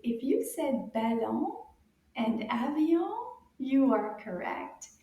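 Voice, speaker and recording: A woman's voice: on the high side, animated, slow. Cheerful woman teaching kids French, roomy. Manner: cheerful, coaxing, repeats words loudly for kids to echo. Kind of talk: children's language lesson.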